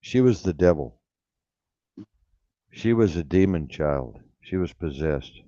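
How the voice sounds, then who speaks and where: A man's voice: deep voice, lively intonation, slow, warm tone, dry recording. An older man telling a rambling, blunt and profane story in casual talk, repeating himself as he goes. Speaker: radio show host. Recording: dull lo-fi radio sound.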